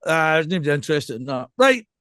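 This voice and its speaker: A man's voice: fairly high pitch, sing-song, fast, bright, forceful tone, clean tone, dry recording, studio quality. A man with a Scottish accent co-hosting a casual podcast, rambling and self-deprecating as he talks. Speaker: podcast co-host.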